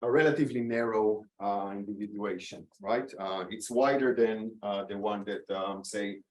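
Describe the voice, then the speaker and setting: A man giving an academic lecture at a conference, pausing with many "um"s, checking in with "okay?", and adding dry asides. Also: lowish voice, low-quality recording. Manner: lightly sarcastic asides. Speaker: academic speaker.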